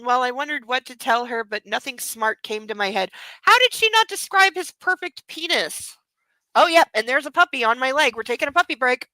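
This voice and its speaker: A woman's voice: high voice, big pitch swings, fairly quick, bright, forceful tone, no echo, rough recording. A woman hosting a book club livestream from home, chatting casually and gushing in baby talk to her dog.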